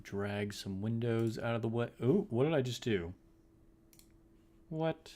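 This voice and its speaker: A man's voice: medium pitch, lively intonation, measured pace, mellow. A man casually chatting on his livestream, rambling and joking, laughing at himself. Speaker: streamer. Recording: faint background music.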